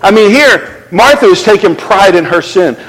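A male pastor preaching a sermon in an animated, conversational way, asking the crowd to respond. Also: sits high, normal speed, in a large hall, rough recording.

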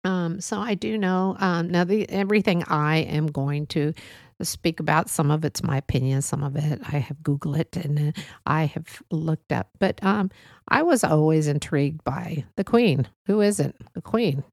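Woman hosting a solo podcast, lowish creaky voice, loose and musing with lots of ums. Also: moderate pace, dry recording, studio quality. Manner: rambling, musing, many fillers and restarts. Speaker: podcast host. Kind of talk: casual solo podcast monologue.

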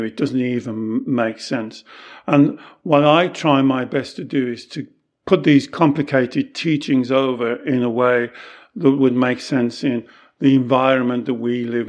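A man's voice: mid-range voice, steady tone, measured pace, darkish tone. A man who is a Taoist monk, co-hosting a podcast and explaining teachings in an earnest, reflective way, often acting out quoted dialogue.

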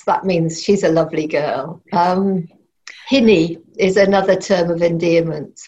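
A woman's voice: fairly low pitch, fairly even intonation, a little mellow, lo-fi sound. A middle-aged woman, a novelist, answering interview questions thoughtfully with frequent restarts. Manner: thoughtful, halting, many restarts.

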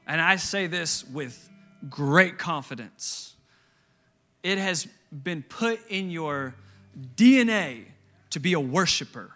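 A man's voice: fairly high pitch, lively intonation, slow, pushed and bright, soft background music. A man pastor preaching a sermon, emphatic and repeating key phrases for stress.

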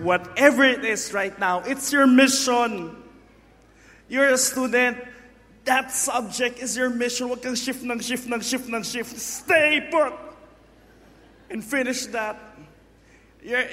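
A husky-voiced man with a Filipino accent preaching a live sermon, bantering playfully with his congregation. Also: extremely high pitch, fairly bright tone. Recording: echoey hall.

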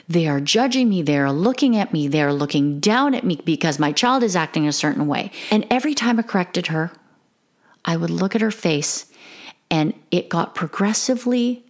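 A middle-aged woman giving an earnest, emotional, candid monologue to other mothers about her parenting. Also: on the low side. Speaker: parenting podcaster. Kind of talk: confessional monologue.

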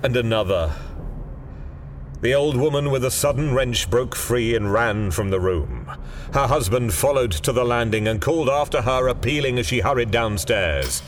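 Deep-voiced man narrating a ghost story. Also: animated, moderate pace, long reverb tail, background noise. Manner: hushed, suspenseful storytelling.

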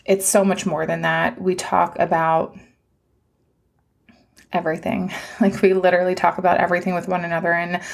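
Woman, 30s, podcast host: low, flat, fry-heavy delivery; gushing, emotional, rambling solo chat. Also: moderate pace. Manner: warm, gushing and emotional, talks in long run-on stretches. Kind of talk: casual solo podcast update.

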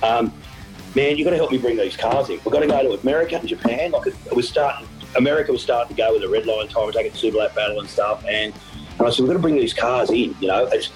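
This is a middle-aged man with an Australian accent who tells his story with lively energy, laughing and playing out the voices of the people in it. His voice sits at an ordinary pitch. Faint music plays behind him. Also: fast talker, poor audio. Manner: animated storyteller, laughs often, acts out quotes. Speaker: event organizer. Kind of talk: storytelling interview.

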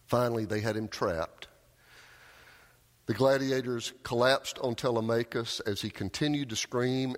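A man preaching a sermon, telling a story with raised cries and quiet, low emphasis. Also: a little slow. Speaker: pastor. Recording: long hall reverb.

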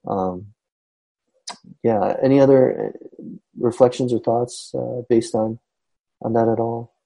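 A man reflecting on a psalm in a casual Bible discussion, speaking haltingly with many fillers and restarts. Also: medium pitch, gravelly, warm tone, poor audio. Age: adult. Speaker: Bible study discussion leader.

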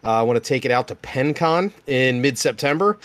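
A man co-hosting a casual podcast, easygoing and quick to laugh. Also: medium pitch, animated, a bit bright, dry recording. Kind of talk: casual chat.

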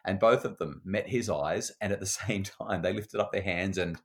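A man's voice: low voice, moderate pace. A middle-aged man with an Australian accent, a parenting educator telling stories conversationally. He acts out the voices he quotes and often repeats words as he starts a sentence. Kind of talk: conversational storytelling.

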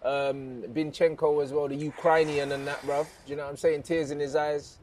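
A man's voice: on the high side, level tone, normal speed, darkish tone. A young man giving dry, sarcastic put-downs as a mock fan pundit.

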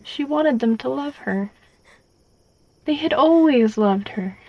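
A woman narrating a story expressively, going softer in the sad passages. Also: high voice, lively intonation, slow, no room sound, muffled recording.

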